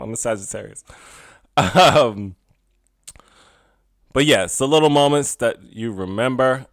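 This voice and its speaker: A young adult man hosting a solo podcast in a casual, chatty way, laughing often and drifting between loud asides and quiet musing. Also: medium pitch, expressive, measured pace, long pauses, no echo, clean studio sound. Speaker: podcast host.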